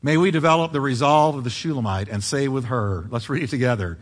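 A man preaching a sermon, swinging from loud emphatic peaks to hushed quiet asides. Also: mid-range voice, a little fast, few pauses, long reverb tail.

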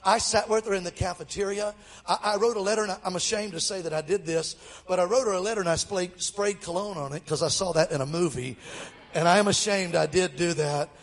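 Man, middle-aged, high voice, playful guest preacher, long hall reverb. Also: brisk. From Mobile, Alabama, US. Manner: lively, jokes with the audience. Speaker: guest speaker. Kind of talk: humorous sermon storytelling.

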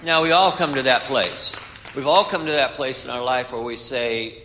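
A man's voice: mid-range voice, moderate pace, sharp tone, a little hiss or hum. A man preaching a sermon, retelling a Bible story and voicing its characters. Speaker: guest preacher. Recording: hall reverb.

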